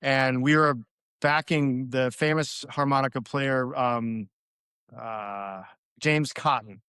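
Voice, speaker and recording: A man's voice: mid-range voice, fairly even intonation, slow pace, bright, forceful tone, clean tone, no echo, clean studio sound. A man, a guest musician, telling a story casually with lots of fillers, laughing as he goes.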